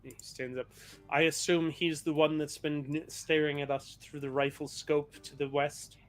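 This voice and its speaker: Casual game master narrating. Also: male voice, a little high, level tone, a little slow. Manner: casual, narrates actions and talks to chat. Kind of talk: running a tabletop game on stream.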